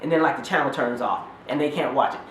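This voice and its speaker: A man's voice: mid-range voice, fast talker, fairly bright tone, roomy sound, a little hiss or hum. A man giving a fired-up, sarcastic commentary rant straight to his viewers. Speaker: vlogger. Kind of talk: casual commentary rant to camera.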